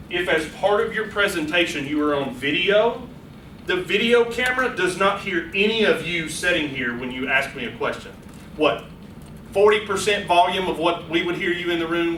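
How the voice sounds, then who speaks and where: A man giving a lively, playful public speaking workshop to a small audience in a meeting room, speaking straight to them. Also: fairly high pitch, slight background noise. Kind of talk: live workshop lecture. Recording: echoey room, voice from a distance.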